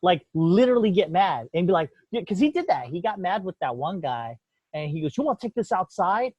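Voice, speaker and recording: A podcast host with a high, lively voice talks fairly quickly in casual, opinionated chat, his tone a little mellow with a breathy edge. He rambles in a heated, profane way. The recording is dull, lo-fi and dry, with no echo.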